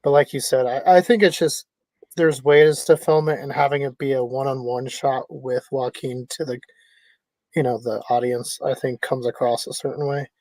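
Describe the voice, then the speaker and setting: A man's voice: medium pitch, fairly even intonation, moderate pace, a little mellow, dry recording, rough recording. A man hosting a casual pop culture discussion, easygoing, who passes questions to the others. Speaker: podcast host.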